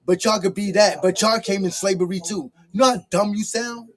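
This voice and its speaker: A man giving heated, scolding commentary full of rapid-fire rhetorical questions. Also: sits high.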